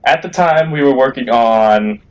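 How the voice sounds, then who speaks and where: A young man tells a story to his friend in a relaxed, rambling way, padding it with fillers. His voice sits at an ordinary middle pitch. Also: unhurried, lo-fi sound. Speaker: co-host. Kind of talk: casual storytelling chat.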